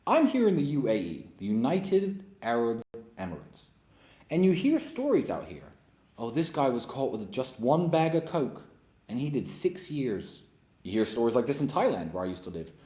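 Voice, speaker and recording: A man's voice: medium pitch, mellow. Blunt sarcastic guy ranting, voice swings up and down a lot, echoey room. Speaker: host. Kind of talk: opinionated monologue and Q&A. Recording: roomy echo.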